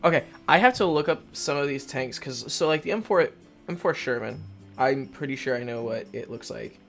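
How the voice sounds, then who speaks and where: A man's voice: mid-range voice, moderate pace, creaky, fairly bright tone, soft background music. A man giving casual let's play commentary, rambling, swearing and mocking himself as he reads through a game. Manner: rambling, profane, self-mocking. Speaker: gaming video host.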